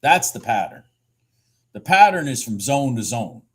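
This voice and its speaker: A husky-voiced man talks through his trades live from his desk, his pitch swinging widely as he gets excited. He swears casually and mutters to himself between remarks to viewers. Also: a little slow. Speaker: futures trader streaming live. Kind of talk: live trading commentary.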